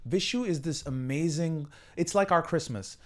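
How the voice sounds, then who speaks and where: A man's voice: fairly high pitch, moderate pace. A man in his late twenties from South India, a podcast guest in casual chat who jokes, swears freely and laughs a lot. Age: late 20s.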